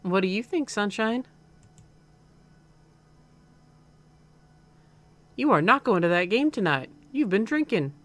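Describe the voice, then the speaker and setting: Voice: medium pitch, very animated, brisk, a bit bright, voice pushed up. A streamer voicing a doting, stern middle-aged mother with a slight Southern accent, reading game dialogue aloud. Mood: firm.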